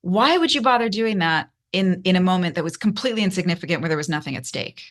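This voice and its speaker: A woman guest telling her story candidly in an interview, earnest, with many restarts and fillers, her voice climbing high when emotional. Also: animated, quick pace. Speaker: podcast guest.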